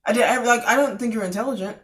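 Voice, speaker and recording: A woman's voice: fairly high pitch, racing, a bit bright, far from the mic. Woman co-host, casual chat, emphatic storyteller, voice sits back from the mic.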